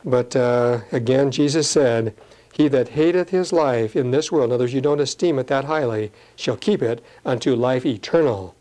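A man preaching a sermon, reading scripture slowly and explaining it in plain, earnest talk. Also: mid-range voice, a little mellow.

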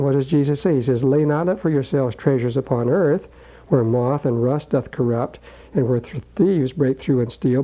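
A man preaching a sermon in a folksy, conversational way, slowing down to read scripture aloud. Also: medium pitch, slightly rough. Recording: dull lo-fi recording.

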